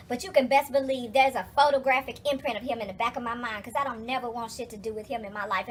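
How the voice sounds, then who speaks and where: Young adult woman, vlogger, high voice, cussing storytelling rant, emphatic, exasperated. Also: fairly bright tone, a little hiss or hum. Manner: profane, emphatic, exasperated retelling.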